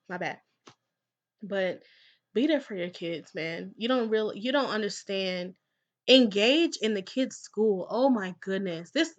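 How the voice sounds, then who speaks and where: A young woman, a classroom teacher, shares advice with her viewers in a casual vlog. Her voice sits in a middle pitch, and she leans hard on her points, often saying them twice. She moves from quiet asides to loud, lively urging. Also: muffled recording. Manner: emphatic, repeats points for stress; lively, swings between soft and loud.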